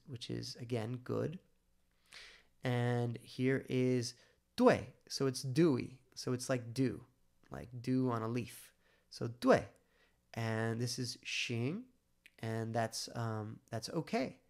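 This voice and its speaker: A man walking through his own language study method in a relaxed screen-share tutorial, thinking aloud with fillers and restarts. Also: medium pitch, slow, creaky.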